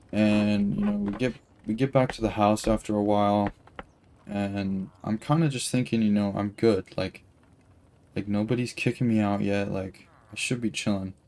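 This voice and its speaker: A man's voice: on the low side, vocal fry, mellow, slight background noise. A young man telling a long story while he plays a game, rambling and swearing, with lots of filler words. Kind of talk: casual storytelling while gaming.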